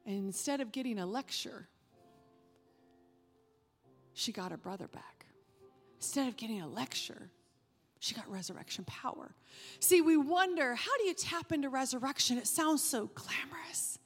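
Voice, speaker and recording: Woman preaching in a church, high voice, long echo off the room. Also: moderate pace, slightly rough. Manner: emphatic, rises sharply when animated, drops soft for stress. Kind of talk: sermon. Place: church sanctuary. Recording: reverberant hall with faint music.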